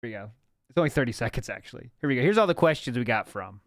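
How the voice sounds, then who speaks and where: A man's voice: medium pitch, animated, rapid-fire, no echo, clean studio sound. A man hosting a casual livestream watch party, reading chat aloud, swearing freely and laughing often. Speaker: podcast host. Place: home studio.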